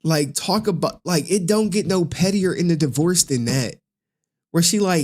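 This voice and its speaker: A man's voice: a little high, moderate pace, a little mellow. A man in his forties hosting a casual livestream, swearing often, laughing through his words and getting emotional. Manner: profane, laughing, emotional, slangy. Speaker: livestream host.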